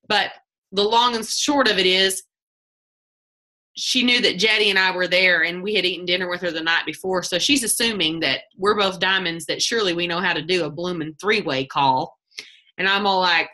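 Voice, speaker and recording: A woman leading a casual team pep talk over a video call, chatty and animated, acting out what people said and laughing often. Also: medium pitch. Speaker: team leader giving a sales training talk.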